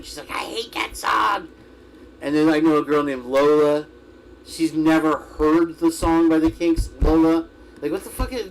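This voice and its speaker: A man's voice: fairly high pitch, darkish tone, slight background noise, poor audio. A man hosting a casual livestream who wanders from topic to topic, swears freely and keeps losing his train of thought. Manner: meandering, profane, loses his train of thought. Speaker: livestream host. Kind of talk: rambling casual livestream chat.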